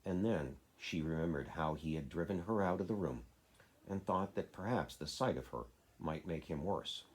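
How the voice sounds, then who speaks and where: A man, a father, reading a children's classic aloud in a steady, plain way. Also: low voice, moderate pace, slightly rough. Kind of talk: storybook reading.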